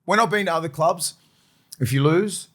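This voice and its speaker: A man's voice: on the high side, normal speed. A man in his forties with an Australian accent, a former rugby league player telling rambling, sweary stories on a casual podcast. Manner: rambling, sweary, animated storytelling.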